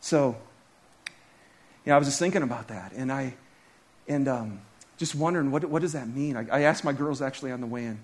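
A man in his thirties preaching a sermon as a pastor, telling stories with his voice rising high and dropping low. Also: brisk, long pauses. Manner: animated storytelling, voice rising and dropping sharply.

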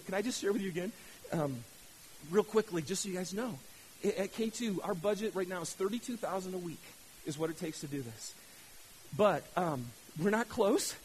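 A male pastor preaching with rising fervor, his voice sitting unusually high. He stammers and restarts phrases as he gets fired up. A faint hiss runs under the recording. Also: a little mellow, rough recording. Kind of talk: sermon.

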